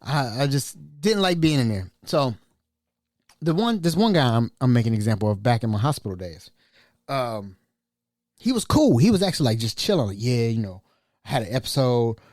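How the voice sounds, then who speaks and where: Animated man telling stories. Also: mid-range voice, normal speed, no echo, studio quality. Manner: animated, colloquial, laughing asides. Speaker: chef, storyteller. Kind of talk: casual anecdotal storytelling.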